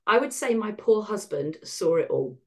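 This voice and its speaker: As a guest on a podcast, a middle-aged woman speaks at a moderate pace in a medium-pitched voice. She's candid, wry, and animated while telling her story, taking on the voices of the people she quotes.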